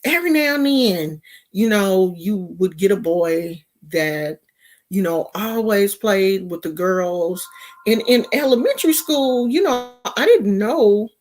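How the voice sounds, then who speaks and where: Slow-talking, slangy woman vlogger. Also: mid-range voice. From California. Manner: slangy, mocking, rambling. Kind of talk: casual gossip commentary.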